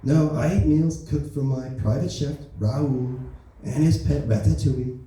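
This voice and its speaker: A man's voice: mid-range voice, measured pace, recorded from a distance, noisy background, natural voice. A man putting on a boastful, rambling impression of an older male president during a stand-up set in a comedy club. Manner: brash, bragging, rambling. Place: comedy club open mic. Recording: echoey club recorded from afar.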